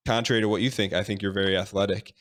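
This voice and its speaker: A man's voice: fairly low pitch, fairly even intonation, very fast, fairly bright tone. A man hosting a podcast, chatting casually and asking probing questions. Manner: conversational, asks probing questions. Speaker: podcast host.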